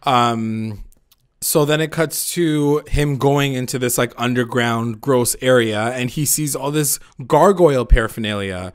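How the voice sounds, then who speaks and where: A man's voice: medium pitch, measured pace, clear, resonant tone. A man co-hosting a TV recap podcast in casual chat, rambling and swearing, saying "like" constantly and acting out the characters' lines. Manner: rambling, profane, heavy use of "like"; acts out characters' lines in retelling. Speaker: podcast co-host.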